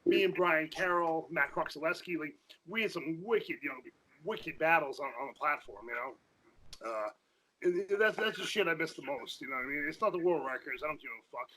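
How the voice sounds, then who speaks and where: A former powerlifter guesting on a podcast, talking in a casual, profane rush full of restarts. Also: male voice, a little high, pushed and bright, low-quality recording. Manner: fast, profane, repeats himself in restarts. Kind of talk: casual chat.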